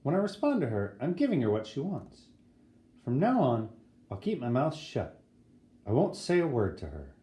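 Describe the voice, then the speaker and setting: A man voicing a brash, excitable schoolboy who talks in indignant, dramatic bursts. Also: medium pitch, normal speed. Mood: grumbling. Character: brash, excitable eleven-year-old boy. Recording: roomy echo.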